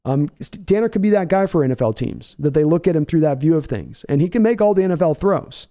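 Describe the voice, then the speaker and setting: Brief: rambling male stream host, warm-toned, casual play-by-play. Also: a little high, lively intonation, fast. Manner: rambling, filler-heavy. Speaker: podcast host. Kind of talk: casual live chat with play-by-play.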